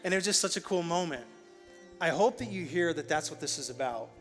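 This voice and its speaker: A man's voice: on the high side, expressive, brisk, faint music behind. A man pastor telling a childhood story to close his sermon, putting on playful voices for quotes. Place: church auditorium. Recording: large church hall with reverb.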